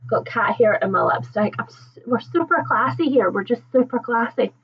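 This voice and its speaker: A higher-voiced woman chats casually with her livestream viewers, out of breath after running down the stairs and laughing often at herself. The sound is dull and lo-fi, typical of a webcam mic. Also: animated, moderate pace, breathy edge. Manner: chatty and self-deprecating, laughs often. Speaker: booktube host.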